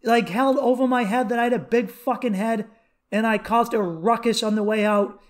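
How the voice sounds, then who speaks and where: A man in his thirties hosting a comedy podcast alone, rambling through profane, animated stories and rants. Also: extremely high pitch, normal speed. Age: 30s. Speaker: podcast host. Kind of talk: comedic solo podcast rant.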